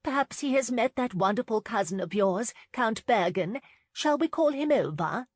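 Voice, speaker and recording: A woman's voice: fairly high pitch, animated, normal speed, dry recording, clean studio sound, voice pushed up. A woman voicing a chirpy, fussy society hostess who keeps matchmaking.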